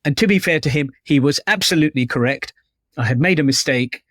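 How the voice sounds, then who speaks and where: A man's voice: a little high, a little fast, fairly bright tone, no room sound, studio quality. A man guest author chatting in an interview, telling anecdotes in a self-deprecating way. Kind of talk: casual interview chat.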